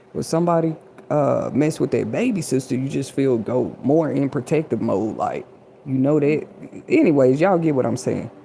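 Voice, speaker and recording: A woman's voice: sits low, gravelly, mellow, slight background noise. A woman hosting an inspirational livestream, talking casually and a bit preachily straight to her chat audience. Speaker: livestream host.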